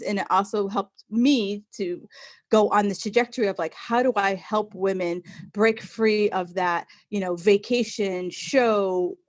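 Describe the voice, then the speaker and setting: A woman in her forties, a podcast guest, telling a personal story in an animated way and acting out what people said. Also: mid-range voice, no room sound. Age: 40s. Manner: animated storyteller, acts out quotes. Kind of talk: casual podcast interview.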